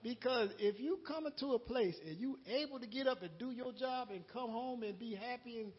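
Man, lay preacher, high husky voice, folksy and laughing, muffled lo-fi church tape. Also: a little fast. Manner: folksy, laughing, repeats words, quotes conversations. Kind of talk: unscripted sermon.

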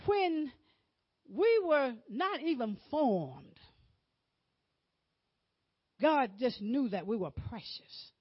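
High, lively preaching woman, slow and dry. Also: husky, no echo, highs cut off. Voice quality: emotive, swinging between loud exclamations and hushed whispers. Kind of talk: sermon.

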